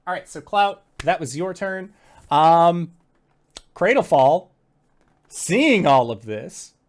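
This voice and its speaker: A man narrating as game master of a tabletop game, with animated bursts of shouted character lines. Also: fairly high pitch, takes it slowly.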